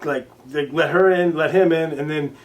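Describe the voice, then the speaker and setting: A man being interviewed as a guest, telling stories casually, with many restarts and fillers, now and then swearing and loudly acting out what others said. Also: a little high, moderate pace, distant mic, heavy background noise. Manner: swears casually and acts out quoted lines loudly. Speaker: interview guest, recording artist. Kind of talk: casual storytelling in conversation.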